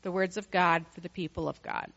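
A woman reading a Bible passage aloud in a measured, steady way. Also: on the low side, gravelly, in a large hall, lo-fi sound, slight background noise. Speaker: scripture reader. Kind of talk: scripture reading.

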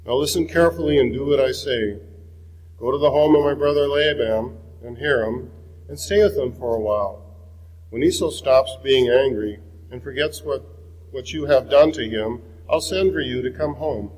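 A man reading the lines of a protective, scheming mother in a measured way. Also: mid-range voice, a little mellow, in a large hall, natural voice, rough recording. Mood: urgent.

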